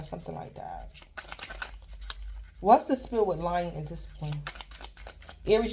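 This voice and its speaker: A woman's voice: fairly low pitch, a little mellow, slight background noise. A woman giving a casual tarot reading, rambling and repeating herself as she keeps addressing the listener by star sign. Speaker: tarot reader.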